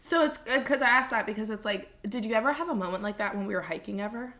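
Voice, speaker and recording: A woman's voice: a little high, quick pace, bright, forceful tone. A woman co-hosting a podcast, listening supportively and asking probing follow-up questions in casual chat. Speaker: podcast co-host.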